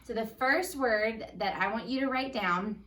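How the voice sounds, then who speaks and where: A woman teaching a first grade phonics lesson, upbeat and patient, sounding out words slowly for young children. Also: on the high side, pushed and bright, far from the mic.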